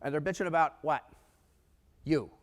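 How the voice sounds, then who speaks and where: A man's voice: on the high side, normal speed. A man telling stories in a conference talk, acting out the lines of people in his stories. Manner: animated storyteller who acts out quoted dialogue. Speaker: conference speaker. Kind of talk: storytelling keynote talk. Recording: long hall reverb.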